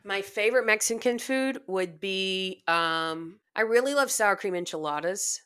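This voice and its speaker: A woman's voice: medium pitch, measured pace, a bit bright, clean tone. A woman, a band director guest on a podcast, telling self-deprecating stories in a chatty way. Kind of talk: casual storytelling.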